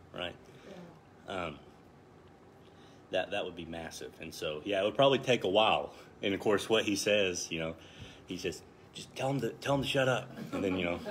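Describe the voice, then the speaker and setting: Low-voiced guy in his 30s leading a bible study, chatty and self-deprecating, faint background hum. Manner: conversational, self-deprecating, chuckles often. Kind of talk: casual Bible study teaching.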